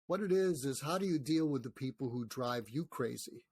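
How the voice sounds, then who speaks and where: A man's voice: medium pitch, moderate pace, slightly rough. An older man, a psychiatrist and author, talking in a conversational interview and acting out snippets of dialogue as he explains. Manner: animated storyteller, acts out quoted dialogue.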